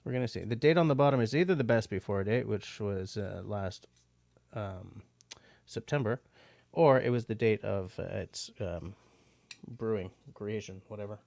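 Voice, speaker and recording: A man's voice: lowish voice, moderate pace, creaky, a little mellow. A man hosting a livestream, chatting casually and rambling with frequent filler words. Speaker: livestream host.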